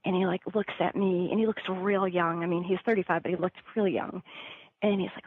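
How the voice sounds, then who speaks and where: A woman's voice: on the low side, steady tone, brisk. A woman telling her own story in a chatty way, full of fillers like "like" and "you know", on a dry, slightly dull recording. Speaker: guest.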